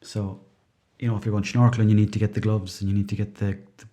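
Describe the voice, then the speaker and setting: Rambling, chatty Irish podcast host. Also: male voice, on the low side, flat delivery, fast, dark tone. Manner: rambling, chatty, self-mocking. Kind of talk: casual comedic monologue.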